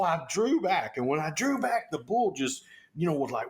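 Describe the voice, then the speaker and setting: A man, a podcast guest telling a story in a casual, animated way and acting out the people and animals in it. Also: a little high, measured pace, slightly rough. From Texas.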